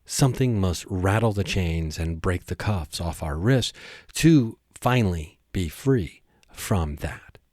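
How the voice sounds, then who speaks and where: Male podcast host with a low voice, dry sound, casual rambling comedic monologue. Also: a little mellow, no echo. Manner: rambling, jokey, earnest.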